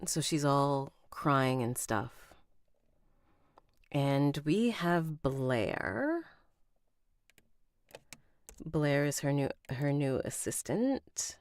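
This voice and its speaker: A woman rehearsing an audiobook recording, reading and coaching herself in a relaxed, casual way. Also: deep voice, drawn-out words, long pauses, no room sound. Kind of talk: casual read-through with asides.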